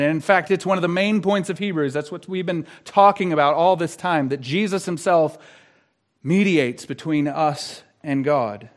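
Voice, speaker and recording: An earnest male pastor preaching a sermon in a slightly higher-than-usual voice. He drops to a hushed tone for questions and lifts to emphatic declarations.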